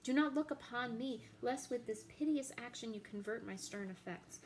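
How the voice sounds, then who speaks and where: A woman's voice: on the high side, moderate pace, slight background noise, pitched above the performer's own voice, natural voice, rough recording. A woman reading the lines of a haunted, agitated young prince, urgent and emphatic. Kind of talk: dramatic reading of verse.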